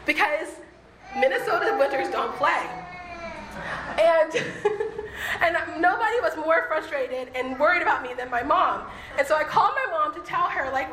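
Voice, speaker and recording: A woman giving a reflective faith talk, earnest and conversational, slowing down to stress key points. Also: high-pitched, big pitch swings, noisy background. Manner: earnest, conversational, slows for emphasis. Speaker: speaker. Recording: echoey room with faint ambience.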